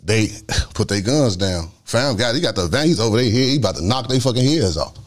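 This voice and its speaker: A middle-aged man with a Chicago accent, telling a street story in casual talk, animated and full of slang, acting out other people's voices. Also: mid-range voice, a little fast. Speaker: guest storyteller.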